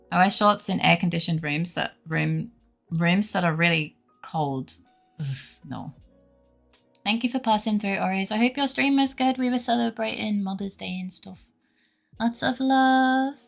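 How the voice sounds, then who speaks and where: A young woman with a low, gravelly voice chats loosely with her stream viewers, laughing and swearing as she goes. She sounds a bit feverish and worn, with faint music playing underneath. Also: fairly bright tone. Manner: laughs often, swears casually. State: feverish, unwell. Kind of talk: casual chat with stream viewers.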